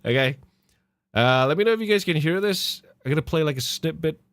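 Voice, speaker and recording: A man's voice: a little high, lively intonation, a little fast, fairly bright tone, clean tone, dry recording. A man hosting a podcast, reacting to clips with mocking laughter and swearing. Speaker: podcast host. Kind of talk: casual commentary on clips.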